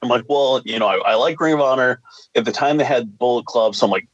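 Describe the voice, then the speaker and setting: A man's voice: mid-range voice, fast, no echo, lo-fi sound. Laid-back man, dry close sound. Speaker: comic book writer, guest. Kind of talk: casual interview answer.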